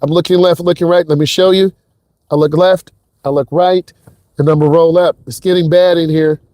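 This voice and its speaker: A man's voice: a little high, steady tone, fairly quick, warm tone, dry recording. A man working as a driving instructor, giving hyped, talk-to-the-viewer commentary from inside a car while he drives. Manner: hyped, talks straight to viewers. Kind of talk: live driving lesson commentary.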